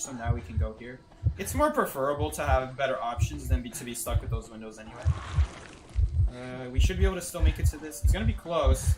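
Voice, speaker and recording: A man's voice: fairly high pitch, background noise. A man streaming a game live, commenting on his play and joking with chat, laughing often from a basement room.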